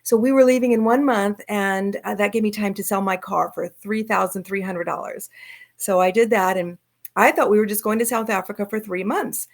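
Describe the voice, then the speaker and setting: A middle-aged woman from Southern California, a guest telling her travel stories in lively fashion over a video call. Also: medium pitch, normal speed. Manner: lively storyteller acting out quoted voices. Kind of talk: storytelling in an interview.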